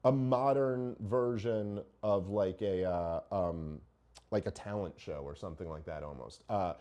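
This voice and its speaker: A man's voice: sits low, measured pace, mellow, highs cut off. A middle-aged man hosting a podcast, arguing his point in casual, profane chat full of rhetorical questions. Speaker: podcast host.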